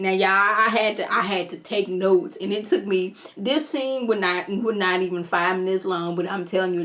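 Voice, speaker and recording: A woman recaps a TV episode in a loose, chatty video, addressing viewers directly. Her delivery is animated and conversational, with pitch of a typical adult woman's voice. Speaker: TV show reviewer.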